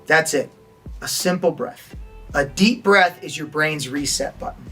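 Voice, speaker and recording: In this online acting lesson, the male instructor keeps his delivery plain, occasionally acting out a brief line in another tone to demonstrate its impact. He speaks at a measured pace with a fairly high pitch and a fairly bright tone, over faint background music.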